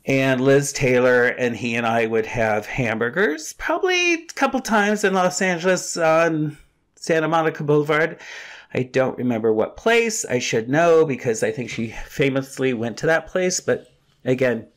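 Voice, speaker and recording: A man's voice: medium pitch, animated, normal speed, a bit bright. Chatty older man telling stories. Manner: chatty, rambling, gossipy, with repeats. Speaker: podcast host telling his own stories. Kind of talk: casual storytelling monologue.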